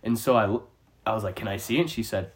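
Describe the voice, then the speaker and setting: A man telling a long story in casual chat, animated and profane, often laughing as he goes. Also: lowish voice, fairly quick. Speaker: storyteller on a podcast.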